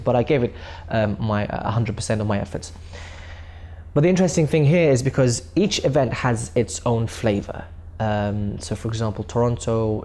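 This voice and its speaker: A man's voice: mid-range voice, dark tone, slight background noise. A man recounting his recitation tour in a documentary interview, earnest and often repeating and restarting words.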